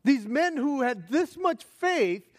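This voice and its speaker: A male preacher with a high voice for a man works through a sermon like a story. He throws out incredulous rhetorical questions and chuckles, then settles into quiet, reflective passages. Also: very animated, takes it slowly.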